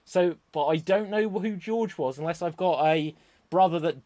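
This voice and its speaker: A man hosting a live-streamed improv comedy show over a video call, chatty, brisk and self-deprecating. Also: fairly high pitch, darkish tone.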